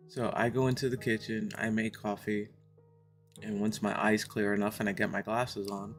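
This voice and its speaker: A woman's voice: a bass voice, level tone, brisk, soft background music. A woman streaming a game, chatting casually with her viewers, laughing often and telling stories from home.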